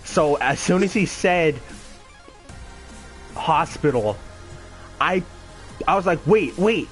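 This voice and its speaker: A man's voice: fairly high pitch, slow, a bit bright, faint music behind. Young man rambling through a story. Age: 20s. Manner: rambling, profane, self-mocking, laughs often. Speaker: gaming channel host. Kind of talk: casual storytelling.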